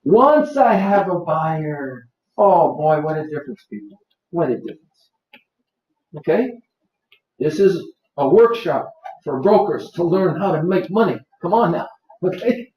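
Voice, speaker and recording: High-voiced male seminar presenter, coaxing, repeats key points, recorded far off in a roomy space. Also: lively intonation, moderate pace. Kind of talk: live workshop lecture. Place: office seminar room. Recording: roomy, distant, dull lo-fi.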